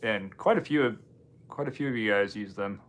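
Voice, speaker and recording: Brisk and lowish-voiced, a man from Washington State, US, hosts a casual livestream. He reads comments from viewers and answers them loosely, with an offhand tone and dry asides.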